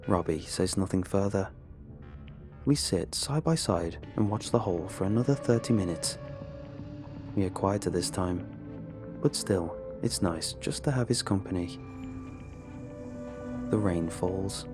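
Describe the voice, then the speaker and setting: A man narrating a first-person horror story in a measured, grim manner. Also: low voice. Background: background music.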